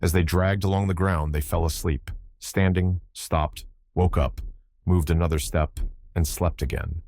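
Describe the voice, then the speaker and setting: A man narrating a classic children's story in a measured storytelling manner. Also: low voice, fairly even intonation, darkish tone, no room sound, studio quality. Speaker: audiobook narrator. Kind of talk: scripted narration.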